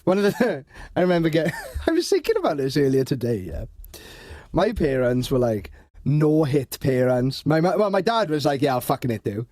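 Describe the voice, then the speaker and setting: A man's voice: a little high, big pitch swings, normal speed, dark tone, dry recording. A man co-hosting a podcast, tossing in dry wisecracks, swearing and laughing a lot. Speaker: podcast co-host. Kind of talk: casual banter.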